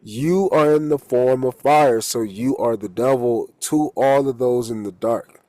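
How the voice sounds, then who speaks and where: A man giving a casual, profane talk as a holistic coach and tarot reader, loose and quick to laugh at his own jokes. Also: mid-range voice, darkish tone, no room sound, rough recording.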